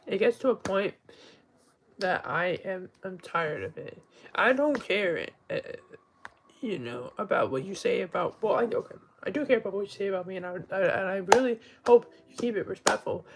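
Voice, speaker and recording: A man's voice: sits high, lively intonation, moderate pace, vocal fry, slight background noise, poor audio. Upset young man ranting on a livestream. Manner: rambling, many fillers and restarts; upset, pleading. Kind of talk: casual livestream rant.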